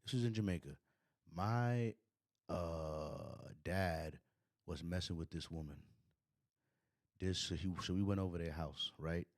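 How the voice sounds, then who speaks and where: Deep-voiced Brooklyn man, rambling. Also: unhurried, pauses often, dry recording, studio quality. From United States. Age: 30s. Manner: rambling storyteller, lots of fillers. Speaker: podcast host. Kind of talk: casual chat.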